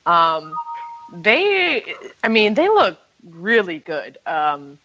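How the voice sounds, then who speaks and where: Woman podcast host, bright voice, teasing and chatty, kinda dull audio. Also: fairly low pitch, wildly swooping pitch, drawn-out words, faint music behind. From New York. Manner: teasing, laughs often, runs the show. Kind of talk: casual sports talk.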